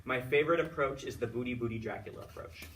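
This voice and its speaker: A man's voice: medium pitch, fast talker, a bit bright. Man, choral conducting teacher, chatty feedback, upbeat, rambling, distant mic, faint hiss. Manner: chatty, upbeat, full of fillers and restarts; sings solfege and chants rhythm words to demonstrate. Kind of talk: feedback after a student lesson.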